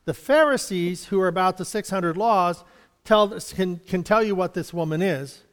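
A man's voice: high-pitched, moderate pace, clean tone. Chatty man teaching scripture in an echoey hall. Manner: chatty and rambling, chuckles often, acts out little dialogues. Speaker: Bible teacher. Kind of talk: informal Bible study teaching.

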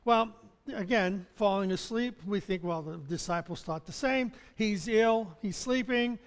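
A man's voice: high-pitched, unhurried, clean tone. A man preaching a sermon as pastor, in a conversational way with chuckles and restarts. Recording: long hall reverb.

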